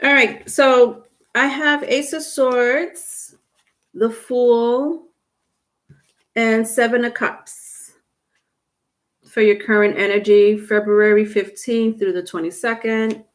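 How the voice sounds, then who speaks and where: A woman's voice: fairly high pitch, steady tone, slow pace. Chatty woman reading tarot live. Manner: chatty, laughs easily, many fillers and restarts. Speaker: tarot reader.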